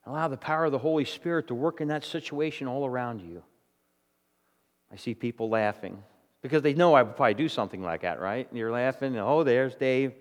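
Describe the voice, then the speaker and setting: A man's voice: medium pitch, expressive, fast talker, big-room sound. A man preaching a sermon to his congregation, talking conversationally and often checking in with "okay?" and "all right?". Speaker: pastor. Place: church hall with congregation.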